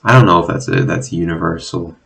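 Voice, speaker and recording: A young man talking casually in a rambling, self-deprecating monologue, swearing often and filling pauses with "like" and "um". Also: deep voice, vocal fry, a bit bright, rough recording. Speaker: vlogger. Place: at home, drinking.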